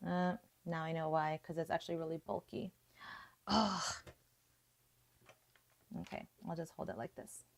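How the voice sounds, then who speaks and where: A woman's voice: sits low, fairly even intonation, measured pace, gravelly, pauses often. A young woman hosting a live watercolor painting tutorial, chatting casually, thinking aloud and laughing often. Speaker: art tutorial host.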